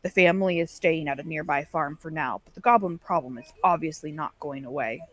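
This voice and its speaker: A woman narrating as game master in a relaxed, loose way with frequent fillers. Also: deep voice, a little fast.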